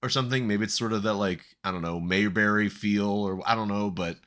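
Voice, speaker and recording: A man hosting a casual film review chat, wry and quick to laugh. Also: on the low side, fairly even intonation, fairly bright tone. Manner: wry, laughs often, talks through a plot summary. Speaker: podcast host reviewing a film.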